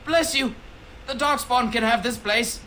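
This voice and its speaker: An actress playing a smooth-talking female bandit leader in a video game. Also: a little high, unhurried, a bit bright, slight background noise. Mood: pleading. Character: sly female bandit leader posing as toll collector.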